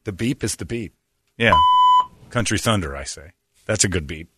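A man's voice: deep voice, lively intonation, moderate pace, heavy background noise. A man hosting a radio show, ranting sarcastically and laughing as he talks. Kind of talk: casual radio chat.

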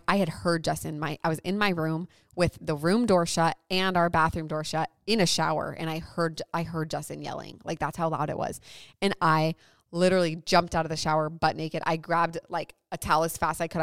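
A woman's voice: low voice, clean tone, no echo, studio quality. A young woman co-hosting a podcast, telling a long story in casual chat, rambling with lots of "like". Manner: rambling storytelling with many likes. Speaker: podcast co-host.

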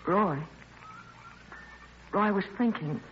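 An actress playing a gangster's devoted companion, soft and anxious, in 1940s radio acting. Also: female voice, mid-range voice, slow pace, close to an everyday voice. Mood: worried fond. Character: devoted young woman, gangster's loyal companion. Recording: dull old radio recording with faint hiss.

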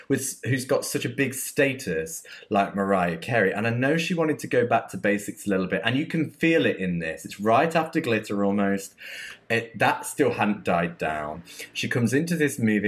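Low-voiced man chatting about a film. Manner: chatty, rambling with restarts and laughs. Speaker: podcast co-host. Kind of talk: casual movie review chat.

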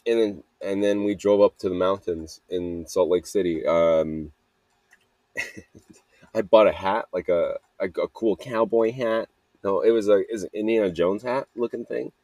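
A young man rambles through his stories in a low, husky voice, laughing often and swearing casually. He talks casually into a close, dry mic outdoors at night. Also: darkish tone, dry recording. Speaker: podcast host. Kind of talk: rambling casual storytelling monologue.

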